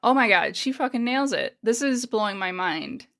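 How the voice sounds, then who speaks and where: A woman's voice: a little high, very animated, moderate pace, creaky, fairly bright tone. A woman co-hosting a podcast in casual chat, chatty, laughing often and swearing freely. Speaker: podcast co-host.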